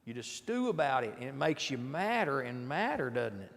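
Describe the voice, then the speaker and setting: In a church auditorium, a preacher leads a midweek Bible class with an informal, conversational sermon, often posing rhetorical questions and frequently restarting his sentences. His mid-pitched voice is sing-song and fairly bright, with vocal fry, a moderate pace, and a long reverb tail.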